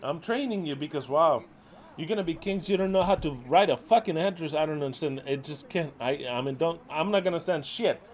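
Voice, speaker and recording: A middle-aged man who leads a ministry berates his followers, cursing and sounding fed up as he lurches between loud outbursts and low muttering. He talks briskly.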